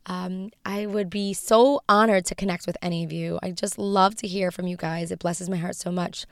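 Low, gravelly woman praying softly. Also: flat delivery, normal speed, no room sound, clean studio sound. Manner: gentle and prayerful, dropping often into a soft whisper. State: raspy voice. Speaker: podcast host. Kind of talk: devotional teaching and spoken prayer.

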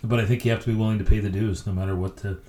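A middle-aged man with a very low voice tells coaching stories at a brisk clip. He's a lively, anecdotal storyteller appearing as a guest in a podcast interview, and a noticeable room echo surrounds his voice.

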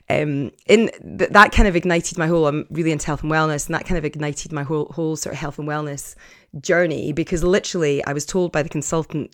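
A Scottish woman in her late forties or fifties, formerly a TV presenter, tells personal stories to camera in a deep voice. She chats openly about her life with lots of fillers and restarts, and the studio sound is clean, with no echo.

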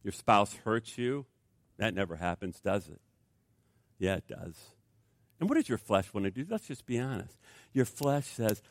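A man preaching a sermon as pastor, animated, acting out inner voices for his congregation. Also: medium pitch, normal speed, no echo, studio quality. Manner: animated, acts out voices of flesh and Spirit.

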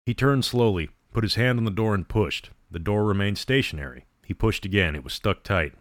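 A man narrating a story in a measured, dramatic reading. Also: fairly low pitch, lively intonation, no room sound, clean studio sound.

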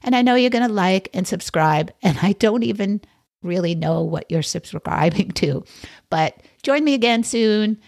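A woman's voice: medium pitch, lively intonation, moderate pace, creaky, a little mellow, no room sound, studio quality. A woman hosting a podcast, telling a story casually with wry, chatty asides to her listeners. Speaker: podcast host.

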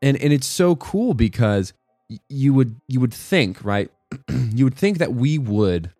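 A man's voice: mid-range voice, animated, measured pace, mellow, no room sound, studio quality, soft background music. A man giving a casual devotional talk, rambling and correcting himself, often checking in with "right?". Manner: rambling, self-correcting, keeps asking "right?". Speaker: worship music commentator.

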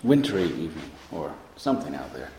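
A man teaching as a meditation teacher, giving a dharma talk in a slow, reflective way, pausing often with soft fillers. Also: very deep voice, background noise. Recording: roomy hall with long reverb.

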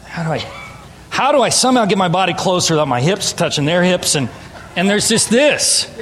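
High-voiced pastor preaching in a reverberant hall. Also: male voice, lively intonation, fairly quick, a bit bright, a little hiss or hum. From Southern California. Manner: conversational, playful with audience. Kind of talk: sermon. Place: church sanctuary.

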